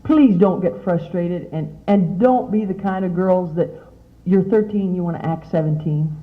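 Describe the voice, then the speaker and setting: A middle-aged woman gives an animated motivational talk to teen girls, often asking her audience questions. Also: fairly low pitch, normal speed, faint music behind. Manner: chatty, animated, asks the audience many questions. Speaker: speaker at a youth conference. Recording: tinny, phone-like lo-fi sound.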